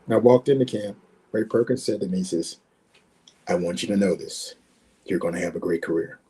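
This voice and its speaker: Man in his 60s, podcast guest, emphatic storyteller who repeats himself and acts out old conversations; husky, mellow tone. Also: low voice, fairly quick. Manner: emphatic, repeats words, acts out quoted exchanges. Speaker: guest, former pro running back.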